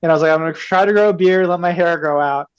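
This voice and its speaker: Male podcast guest, fairly high voice, animated, laughs a lot. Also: rapid-fire, smooth, dull audio. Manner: animated, giggly, heavy use of "like". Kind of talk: casual chat.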